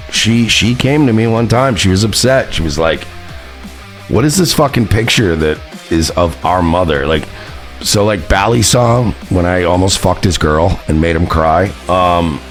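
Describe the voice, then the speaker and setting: A man hosting his own stream, rambling and mocking with heavy profanity and lots of fillers. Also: low voice. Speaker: streamer and show host. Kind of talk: casual stream commentary.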